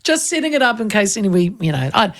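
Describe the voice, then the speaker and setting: A New woman hosting a relaxed radio chat from the studio. She talks in a chatty, easy way, laughs often and often restarts her sentences. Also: mid-range voice, fast, a little hiss or hum. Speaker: radio host.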